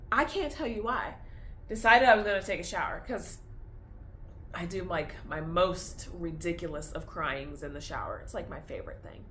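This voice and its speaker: A woman's voice: on the low side, a bit bright, a little hiss or hum. A young woman talks candidly in a personal vlog, confessional and tearful, laughing through tears as her feelings swing back and forth. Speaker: vlogger.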